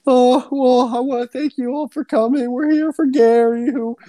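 A woman's voice: high voice, fairly even intonation, normal speed, dark tone, dry recording, voice pushed up, natural voice. A man voicing a tearful grieving housewife giving a formal thank-you at a wake.

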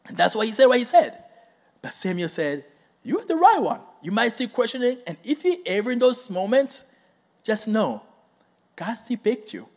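A man's voice: sits high, normal speed. A man preaching a sermon, telling a story with acted-out quotes and questions to the congregation. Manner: animated storytelling, acts out quotes, asks the crowd questions.

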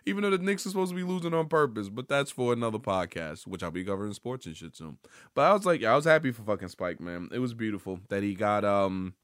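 A podcast host riffs on pop culture in loose, rambling commentary at a quick pace, cursing freely and bursting into excited outbursts. His ordinary-pitched voice sounds dry and close, with no room sound at all.

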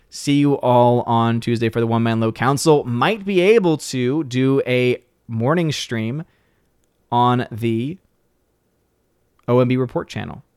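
A man hosting a livestream, signing off casually, thanking viewers and reading supporter names with lively upward lifts. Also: mid-range voice, clear, resonant tone, dry recording, studio quality. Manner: jokey, playfully mangles words. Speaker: livestream host. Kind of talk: casual stream sign-off and shout-outs.

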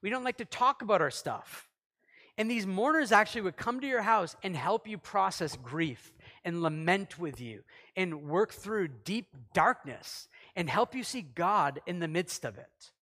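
A man preaching a sermon in a conversational way, acting out quotes and swinging between loud and soft. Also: sits high, animated, measured pace. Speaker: pastor. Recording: long hall reverb.

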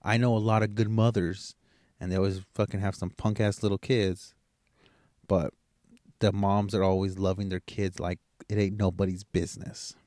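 A man's voice: low voice, flat delivery, normal speed, darkish tone, dry recording, studio quality. A middle-aged man hosting a podcast alone, talking in a rambling, blunt, profane motivational way. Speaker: podcast host. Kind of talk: casual motivational monologue.

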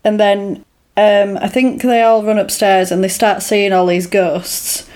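A woman chatting casually, retelling events with lively acted-out lines and laughs. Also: medium pitch, measured pace. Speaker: podcast co-host recapping a film. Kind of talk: casual chat.

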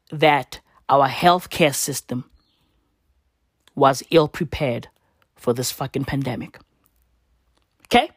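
A woman's voice: deep voice, sing-song, takes it slowly, long pauses, husky, dry recording, clean studio sound. A young woman, ranting in slangy, profane commentary and repeating tag questions. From South Africa. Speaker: vlogger.

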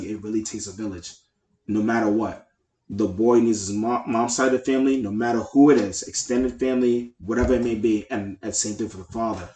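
A podcast co-host speaks in a medium-pitched, slightly mellow voice during a casual chat recorded in an echoey room. His talk is heartfelt and rambling, loaded with fillers.

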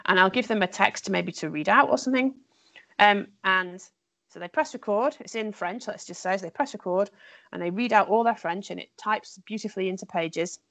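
A woman's voice: mid-range voice, fairly quick, gravelly, pushed and bright, dry recording. A woman language teacher, chatting enthusiastically with lots of fillers and restarts. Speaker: French teacher. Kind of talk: casual conversation.

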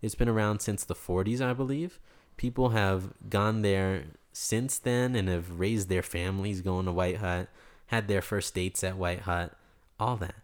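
A young man from New York, a guest in an interview, telling a story in an animated way and acting out the people he quotes. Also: low voice, a little slow, hardly any pauses. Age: young adult.

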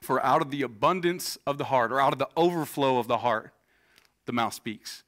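A man's voice: medium pitch, moderate pace, a bit bright. A man in his thirties, a pastor preaching a sermon in a casual, joking way, telling personal stories to a church congregation. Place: church stage before a congregation.

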